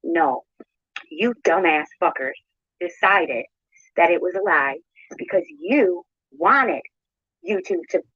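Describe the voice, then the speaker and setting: A woman's voice: on the low side, expressive, slow, pauses often, a bit bright, husky, no room sound, highs cut off. A woman ranting in a heated, accusatory way. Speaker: YouTuber in a played clip. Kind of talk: angry rant.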